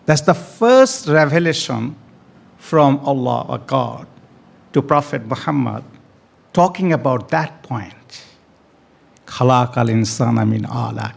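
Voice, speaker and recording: A man's voice: mid-range voice, vocal fry. A man giving an emphatic speech to an audience at a community event, repeating key phrases and stretching words for stress. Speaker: speaker at a family day event. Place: event hall.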